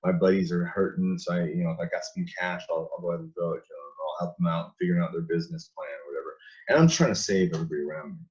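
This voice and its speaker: A man's voice: low-pitched, rapid-fire, hardly any pauses, darkish tone, rough recording. A man talking as a guest in a casual interview, emphatic, repeating and restarting his words, laughing between points.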